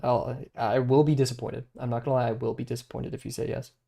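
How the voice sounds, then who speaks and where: A man's voice: mid-range voice, flat delivery, fast talker, creaky, dark tone. Rambling young man chatting while drawing. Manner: rambling, many fillers and restarts. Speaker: streamer. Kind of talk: casual chat while drawing on stream.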